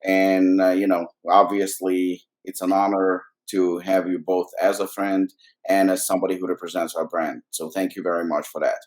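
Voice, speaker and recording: A man hosting a podcast, asking questions in a relaxed way with lots of fillers. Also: sits low, moderate pace. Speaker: podcast host. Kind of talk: casual interview.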